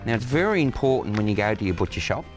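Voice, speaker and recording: Aussie butcher bloke, lowish voice, talks you through it step by step outside, bit of music under. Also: male voice, sing-song, quick pace. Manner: practical, step-by-step explaining. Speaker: butcher guest. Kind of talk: cooking demonstration. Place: outdoors in the sun.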